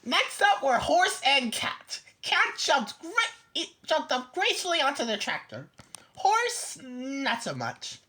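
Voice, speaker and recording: A woman reading a children's picture book aloud slowly and expressively, with small stumbles. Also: high voice, very animated, pushed and bright.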